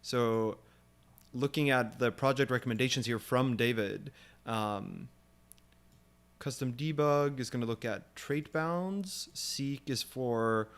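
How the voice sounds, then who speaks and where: Man thinking aloud while live coding. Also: medium pitch. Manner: thinking aloud with many fillers. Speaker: programming stream host.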